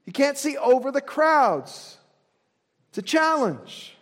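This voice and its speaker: A man preaching a sermon as pastor, earnest, often dropping to a soft hush to drive a point home. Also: very high-pitched, very animated, slow. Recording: long reverb of a large hall.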